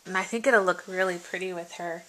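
A woman vlogger chatting casually through an unboxing, gushing, her voice jumping high when something delights her. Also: fairly even intonation, fairly quick, a bit bright. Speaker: vlogger showing a gift package.

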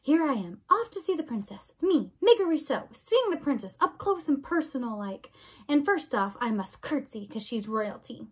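A woman reading aloud voices a rough-spoken, hard-of-hearing twelve-year-old servant girl who shouts and mangles her grammar. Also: high voice, big pitch swings, moderate pace, exaggerated voice. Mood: eager muttering. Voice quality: rustic, shouting, dropped grammar.

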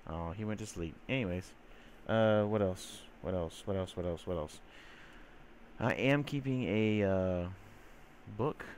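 A man's voice: deep voice, a little slow, a little mellow, a little hiss or hum. A man giving casual, rambling gameplay commentary, full of fillers, who sometimes coos teasingly at the creatures in his game. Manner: rambling, chatty, filler-heavy; teasing baby-talk to game mobs. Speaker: gamer.

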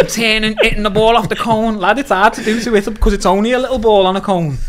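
Young Liverpool lad, podcast guest, chatty storyteller, slangy and animated. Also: male voice, high voice, fast, crowd noise. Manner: animated, laughing, swears freely, slangy. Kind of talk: casual storytelling chat.

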